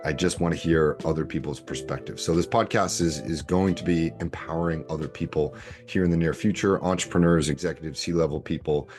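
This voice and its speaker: A man's voice: very deep voice, fairly even intonation, brisk, a little mellow, soft background music. A man in his thirties hosting a solo podcast, telling stories in a casual, rambling way. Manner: casual, rambling storytelling with fillers. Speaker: podcast host.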